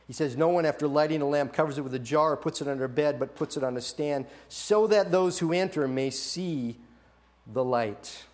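Animated man preaching, slightly high voice. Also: normal speed. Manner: animated preaching, acts out quoted voices, many restarts. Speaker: pastor. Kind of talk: sermon.

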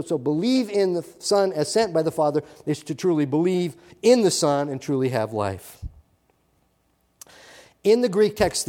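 A male pastor preaching a sermon with emphatic swings between loud and soft, repeating key words. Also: a little high. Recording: long hall reverb.

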